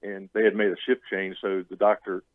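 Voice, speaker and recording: Man, 50s, from Louisiana, low voice, rambling storyteller, dry close sound. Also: level tone, a little fast, dry recording, poor audio. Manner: rambling storyteller with restarts, acts out what others said. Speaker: interview guest. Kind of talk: telling his story in a radio interview.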